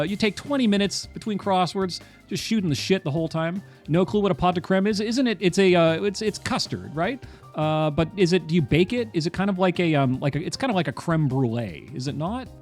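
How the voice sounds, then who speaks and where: Rambling wry male streamer, higher voice. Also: animated, quick pace, soft background music. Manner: rambling, wry, full of "uh" and repeated phrases. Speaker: livestreamer solving crosswords. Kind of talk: casual livestream chat.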